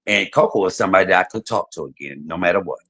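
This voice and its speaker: A man hosting a livestream, telling stories in casual chat, swinging between loud and soft. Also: deep voice, racing, vocal fry. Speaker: livestream host.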